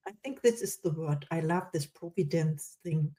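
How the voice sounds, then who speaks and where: A woman hosting a podcast interview, slightly low in pitch with a dark, mellow tone. She talks enthusiastically and heaps praise on her guest in a casual chat. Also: normal speed. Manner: enthusiastic, warm and effusive with praise. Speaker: podcast host.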